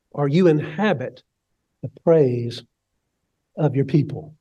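A man preaching a sermon, swinging from hushed, low lines up to ringing cries, and leading the congregation in repeating phrases. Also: slow, long pauses, breathy edge, highs cut off. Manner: leads the congregation in call and response. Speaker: pastor.

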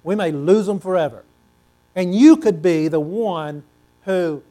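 Lively preaching man, slightly high voice. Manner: animated, swings between loud and hushed; repeats words for emphasis, asks the congregation questions. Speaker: pastor. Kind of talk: sermon.

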